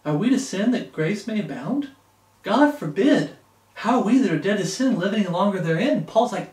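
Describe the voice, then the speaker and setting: A high-voiced man preaches with fervor, swelling into emphatic bursts. He stands back from the mic, and his words ring through a roomy, echoing space. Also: animated, moderate pace, a little mellow, far from the mic. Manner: fervent, rising to emphatic bursts. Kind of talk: sermon.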